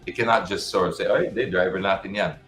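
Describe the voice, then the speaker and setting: A man with a very low, deep voice talks casually through a live-stream Q&A, giving frank advice and often restarting his sentences. He sounds like he is in a roomy, echoey space, with faint music playing underneath. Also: steady tone, fast, fairly bright tone. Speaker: show host. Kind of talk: live-stream Q&A, answering viewer questions.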